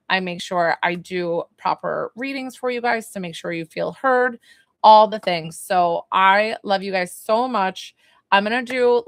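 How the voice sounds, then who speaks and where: A woman's voice: mid-range voice, a bit bright, no echo. New lady doing a chatty live reading, lots of likes, dry close mic. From New York. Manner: chatty, rambling, full of "like" fillers. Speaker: psychic medium live-stream host. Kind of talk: casual live-stream talk.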